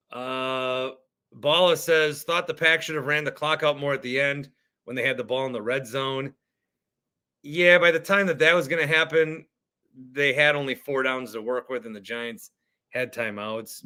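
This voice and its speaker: A man's voice: medium pitch, pushed and bright. A man hosting a sports podcast, ranting in an exasperated, worked-up way about a football game. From Wisconsin. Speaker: podcast host. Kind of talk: sports talk rant.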